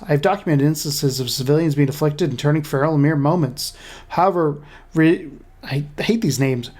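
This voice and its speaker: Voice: medium pitch, a little mellow, lightly acted. A gamer doing a grave British lore narrator. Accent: put-on British. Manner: dramatic, stumbles over hard sentences. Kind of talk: reading in-game lore aloud.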